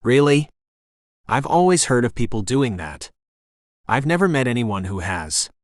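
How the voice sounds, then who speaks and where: A man's voice: mid-range voice, very animated, a little slow, dry recording, clean studio sound. A man voicing a confident young adult man in an audiobook, speaking in an easygoing, reassuring way. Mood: friendly. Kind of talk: audiobook character reading.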